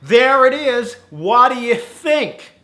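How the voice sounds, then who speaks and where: Guy doing a loud pushy american team manager, accent keeps slipping, voice pitched way up and bright. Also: very animated, takes it slowly, exaggerated voice. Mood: showy. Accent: wobbly put-on American accent. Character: brash North American team manager, man, middle-aged, pushy.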